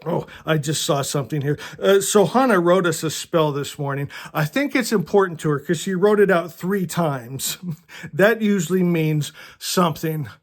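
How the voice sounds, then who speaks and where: Fiery, profane high-voiced male spiritual teacher. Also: normal speed. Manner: fiery, profane, emphatic, with many stammered restarts. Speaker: self-styled magus and spiritual teacher. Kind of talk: impassioned spiritual talk to followers.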